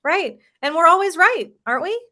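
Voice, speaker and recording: A woman's voice: very high voice, lively intonation, moderate pace, pushed and bright. A woman in her thirties, a podcast guest, telling a personal story in a candid, casual way and swearing now and then.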